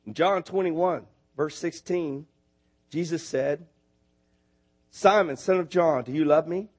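A man preaching in church, his voice pitched high for a man. He is animated and conversational, building to loud, emphatic peaks when he drives a point home. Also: takes it slowly, husky. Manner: animated, rising to near shouts when stressing a point. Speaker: missionary preacher. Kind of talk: sermon.

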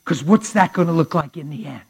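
A fervent male preacher tells a story in a slightly higher voice. He talks to his listeners conversationally and often sinks to a hushed near-whisper. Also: lively intonation, a little fast, creaky, slightly rough, rough recording. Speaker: pastor. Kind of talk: storytelling sermon.

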